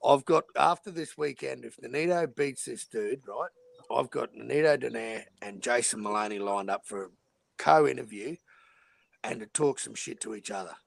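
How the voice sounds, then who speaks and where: A man's voice: mid-range voice, normal speed, vocal fry, no room sound. A man with an Australian accent hosting a live stream, swearing through crude casual banter. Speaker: channel host. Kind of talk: casual chat.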